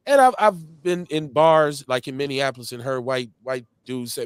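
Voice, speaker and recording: A man in his forties from Milwaukee with a Milwaukee accent, hosting a live show in casual, slangy chat full of shout-outs and stories. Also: mid-range voice, normal speed, few pauses, smooth, dry recording. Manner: animated storytelling, slangy, lots of shout-outs. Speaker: host.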